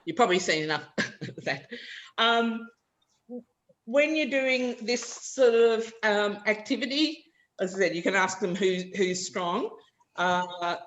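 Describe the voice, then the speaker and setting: Woman, teacher-training workshop, mid pitch, practical, models example sentences. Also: fairly bright tone. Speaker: workshop presenter for language teachers.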